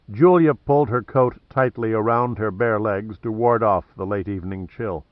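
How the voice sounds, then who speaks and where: A man narrating an audiobook in a measured, even way. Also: fairly low pitch, no room sound, narrow, tinny audio. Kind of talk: scripted narration.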